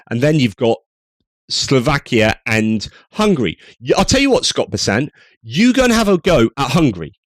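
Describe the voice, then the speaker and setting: A man's voice: medium pitch, dry recording. A man giving angry, sarcastic news commentary over clips, swearing and ranting.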